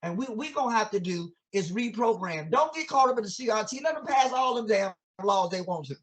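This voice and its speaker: A man's voice: sits high, lively intonation, fairly quick. Male educator guest; emphatic, sermon-like teaching delivery with lots of rhetorical questions and casual vernacular phrasing. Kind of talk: impassioned conversational teaching.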